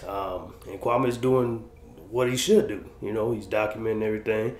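A man's voice: lowish voice, steady tone, normal speed. A man hosting reaction commentary, giving easygoing street-slang advice. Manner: laid-back, slangy, big-brother advice. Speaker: commentary host. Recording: roomy room with faint noise.

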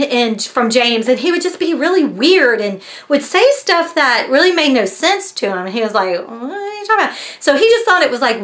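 A woman with a slightly high, somewhat bright voice reviews a mystery box in casual chat. She retells its story with plenty of filler words.

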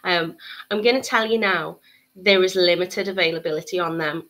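A woman's voice: lowish voice, fairly even intonation, normal speed, a bit bright. A young woman hosting a live bead-craft tutorial stream, bubbly and chatty, greeting viewers and filling gaps with lots of ums. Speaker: bead shop tutorial host.

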